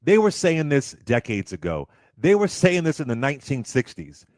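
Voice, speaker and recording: A man's voice: mid-range voice, huge pitch swings, normal speed, a little mellow, dry recording, clean studio sound. A man under sixty hosting a talk radio show, making emphatic points and now and then mocking the people he quotes.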